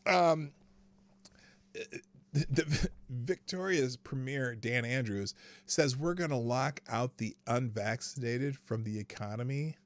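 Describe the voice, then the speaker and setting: A man's voice: mid-range voice, slow pace, no room sound. A man hosting a live news commentary stream, ranting sarcastically, swearing freely and laughing between sentences. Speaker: show host.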